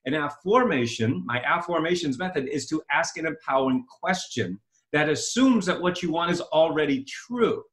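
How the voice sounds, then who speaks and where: A man's voice: on the high side, expressive, normal speed, a bit bright. A man talking as a self-help author and coach in an interview, eagerly explaining his method and repeating phrases as he goes. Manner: enthusiastic, self-promoting, repeats himself. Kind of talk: promotional interview talk.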